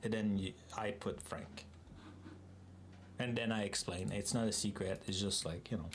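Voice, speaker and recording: A man's voice: on the low side, fairly even intonation, normal speed, a little hiss or hum. A man with a French Canadian accent, a native French speaker, chatting casually and rambling through asides while hosting a live coding stream.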